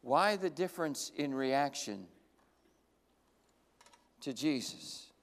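A man's voice: mid-range voice, expressive, slow pace, long reverb tail. A man preaching a sermon who tells the story dramatically and acts out the characters' lines. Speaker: pastor.

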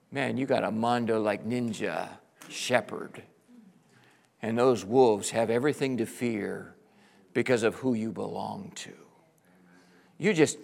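A man preaching a sermon as pastor, swinging between hushed lines and loud shouted bursts, acting out his listeners in quotes. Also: fairly high pitch, creaky. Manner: acts out listeners' voices in quotes.

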